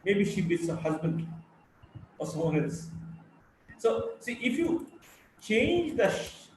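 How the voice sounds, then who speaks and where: A man teaching a live online class, who speaks deliberately and demonstrates stress patterns by repeating example sentences aloud. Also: high voice, very animated, a little mellow, recorded from a distance. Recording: very echoey room with faint noise.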